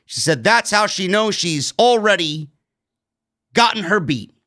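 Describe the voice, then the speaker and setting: Sarcastic high-voiced New York man ranting. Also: lively intonation, a little slow, bright, forceful tone. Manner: blunt, sarcastic, swears, rants. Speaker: wrestling show reviewer. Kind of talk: casual recap commentary.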